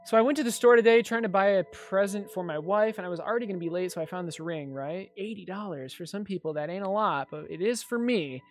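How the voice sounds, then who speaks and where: A woman's voice: medium pitch, fast talker, few pauses, close to an everyday voice. A woman reading a game's lines as an easygoing man telling a story about buying a ring. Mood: chatty. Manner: chatty storytelling read.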